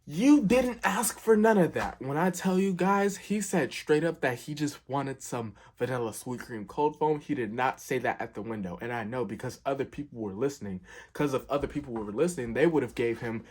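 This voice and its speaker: A man's voice: medium pitch, brisk, hardly any pauses. A young man telling a work story in a casual storytime, rambling and filling gaps with "like" and "um". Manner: rambling, filler-heavy, keeps saying "like".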